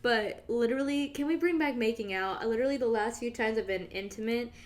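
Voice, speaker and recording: Talking a little fast in a slightly high voice, a young woman rambles casually through a solo monologue on her own podcast. She is chatty, swears freely, and laughs a lot.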